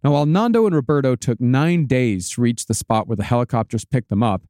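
A man's voice: mid-range voice, fairly quick, mellow, no echo, studio quality. A man hosting a podcast, telling a story in a laid-back way, swearing casually and laughing often.

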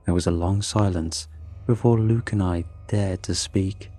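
A man tells a scripted horror story with measured, suspenseful pacing. His voice sits low and mellow, and faint music plays underneath. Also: fairly even intonation. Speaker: narrator.

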